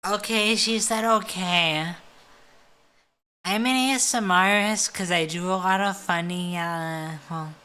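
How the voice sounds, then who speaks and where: A woman's voice: fairly low pitch, slow, pushed and bright. A tipsy woman streamer chatting casually in a giggly, rambling way. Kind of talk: casual live-stream chat.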